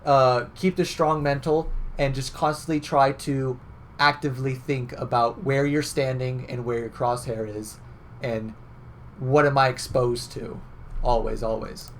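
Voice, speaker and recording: Speaking at a medium pitch with a steady tone, this young man takes his time as he gives casual game coaching. His manner is conversational and full of fillers, with "right?" popping up again and again, over slight background noise.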